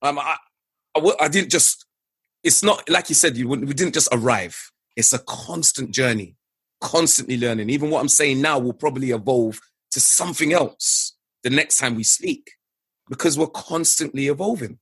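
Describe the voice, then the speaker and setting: A middle-aged man talking candidly as a podcast guest, telling stories in an earnest, animated way. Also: mid-range voice, moderate pace, breathy edge, no room sound, studio quality. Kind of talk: candid conversation.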